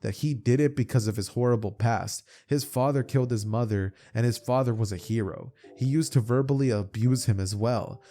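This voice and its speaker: A man's voice: medium pitch, brisk, hardly any pauses, mellow. A man narrating a fan-made anime story in plain, run-on storytelling. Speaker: YouTube storyteller.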